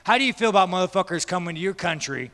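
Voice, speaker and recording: A man's voice: high-pitched, expressive, racing, fairly bright tone. A man, a fighter at a media day, giving blunt, profane, rambling answers to reporters. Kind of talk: press scrum answers. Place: large media day room. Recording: echoey hall.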